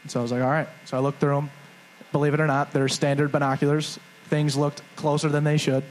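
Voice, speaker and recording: A young man co-hosts a live show and tells a story in a rambling, self-mocking way. His voice sits a little high, and faint noise hangs under the recording. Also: level tone, fast, rough recording. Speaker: podcast co-host. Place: live stage before a crowd.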